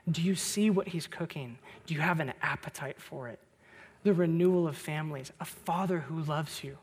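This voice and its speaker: A man, a pastor, delivering a Christmas sermon, telling a story with bursts of loud, high energy and then dropping soft and low on reflective points. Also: husky. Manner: animated storytelling, rising loud on anecdotes.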